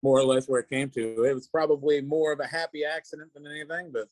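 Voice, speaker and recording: A man from a rock band talking in a relaxed interview, rambling loosely with lots of filler. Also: a little high, fast, no echo, rough recording. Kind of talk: casual interview chat.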